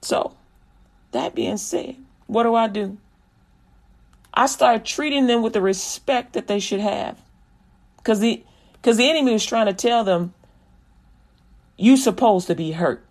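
A middle-aged woman, a comedian, giving a lively testimony-style talk about her faith, acting out dialogue and repeating lines for emphasis. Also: fairly high pitch, measured pace, long pauses. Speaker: comedian and Christian speaker. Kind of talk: testimony-style preaching with comic storytelling.

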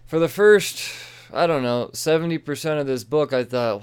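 A man giving a casual, rambling comic book review, excitable and full of swearing and asides. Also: a little high, moderate pace, clean tone.

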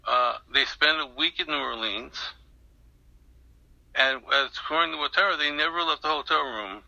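A man's voice: fairly high pitch, moderate pace, vocal fry, bright, forceful tone, no room sound, highs cut off. An older man being interviewed, telling a long story in a rambling way with many restarts and fillers. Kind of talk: recounting an anecdote in an interview.

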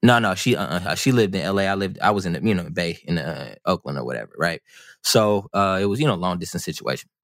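A man's voice: sits low, animated, fast talker, no echo, clean studio sound. A man telling a personal story on a podcast in a casual, rambling, self-mocking way. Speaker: podcast guest.

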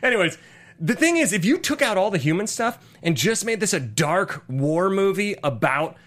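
A young adult man co-hosting a casual movie podcast, animated and swearing freely. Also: high-pitched, moderate pace. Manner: animated, swears freely, does mock voices. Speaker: podcast co-host.

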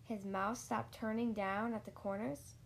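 A woman reading a children's story aloud, slow and deliberate, lingering on repeated phrases. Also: mid-range voice, fairly even intonation, creaky, slight background noise.

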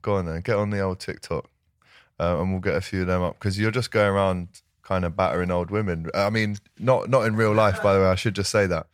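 A man hosting a casual football podcast, chatty and quick to laugh. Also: sits low, fairly even intonation, no room sound, clean studio sound. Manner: chatty, laughs often, reads out lists. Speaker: podcast host.

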